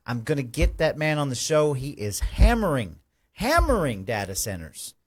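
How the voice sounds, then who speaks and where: A man hosting a live stream, giving folksy, rambling shout-outs to viewers. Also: mid-range voice, big pitch swings, moderate pace, slightly rough. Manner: effusive, folksy, rambling with restarts.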